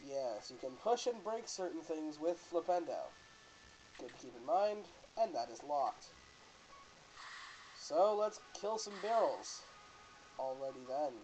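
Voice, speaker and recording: A man's voice: on the high side, big pitch swings, a little slow, long pauses, darkish tone, a little hiss or hum, low-quality recording. Joking man doing let's play commentary. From Canada. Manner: casual, joking, self-correcting. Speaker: host.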